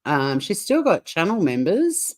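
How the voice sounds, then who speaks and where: A woman's voice: fairly low pitch, huge pitch swings, a little slow, a little mellow. An Australian woman co-hosting a casual reaction chat, blunt, swearing and laughing often. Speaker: channel co-host.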